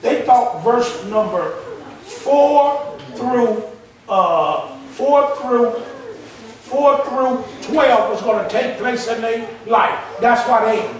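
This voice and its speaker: In a church hall, a man preaches a call-and-response sermon, emphatic and colloquial, in a very high-pitched voice that moves slowly. The sound is roomy and echoing, captured from far off the mic.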